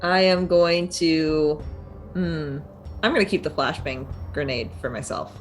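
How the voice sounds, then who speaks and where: A woman's voice: low voice, a little slow, faint music behind. A woman playing in a tabletop game, speaking hesitantly with many fillers. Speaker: player. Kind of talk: tabletop role-play.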